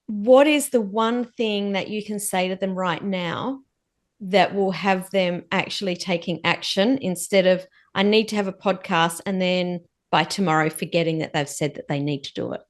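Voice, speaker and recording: Encouraging woman hosting an interview. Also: lowish voice. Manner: encouraging, quick affirmations. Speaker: podcast host. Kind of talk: casual interview.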